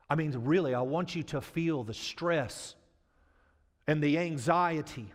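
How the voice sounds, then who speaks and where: A male pastor preaching a dramatic, emphatic sermon with folksy phrasing. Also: fairly high pitch. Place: church sanctuary. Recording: long church-hall reverb.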